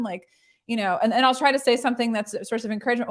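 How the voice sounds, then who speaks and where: A woman's voice: fairly high pitch, racing. A woman hosting a casual livestream chat, bubbly and chatty, filling her talk with "like". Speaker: show host.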